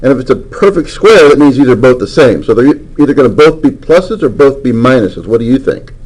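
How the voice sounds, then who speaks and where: A man's voice: medium pitch, expressive, fairly quick, a little mellow, low-quality recording. A man teaching a math class, lecturing and coaxing answers from students with frequent questions.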